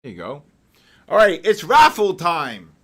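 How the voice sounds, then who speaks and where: A man hosts a live trading session in a casual, excitable chat. His voice sits a touch high and swings widely in pitch. He laughs easily and calls out market moves to his viewers. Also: unhurried.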